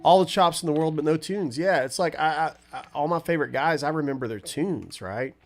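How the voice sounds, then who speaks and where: A man's voice: fairly high pitch, fairly quick, soft background music. A man hosting a casual livestream, stuffy from a cold, talking in a laid-back, rambling way and answering viewer chat. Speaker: livestream host and guitarist.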